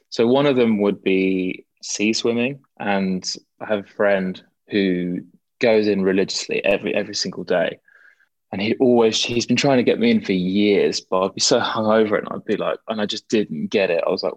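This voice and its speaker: A man's voice: on the low side, no room sound, lo-fi sound. A young man, a guest in a casual interview, talking in a rambling way with many fillers and restarts.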